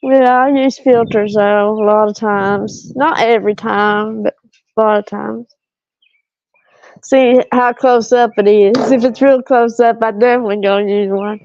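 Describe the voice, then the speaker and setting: Slow, chatty woman in her car. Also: fairly high pitch, darkish tone, dry recording, lo-fi sound. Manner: chatty and self-deprecating, laughing often, answering viewer comments. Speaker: live-stream host. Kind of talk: casual live-stream chat. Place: parked car in a driveway.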